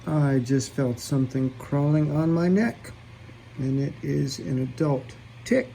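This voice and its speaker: A man's voice: on the high side, unhurried, gravelly, warm tone, slight background noise. A man vlogging casually with a swollen cheek after oral surgery, talking candidly and reflectively to the camera while he works on a door and walks outdoors. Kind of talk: casual vlog narration. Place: outdoors and around a house under renovation.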